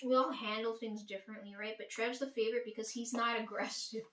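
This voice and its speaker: A woman's voice: on the high side, fairly even intonation, a little fast, a bit bright, recorded from a distance, a little hiss or hum. A woman telling a family story to her viewers in a blunt, profane, emphatic way, often asking "right?". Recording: echoey room.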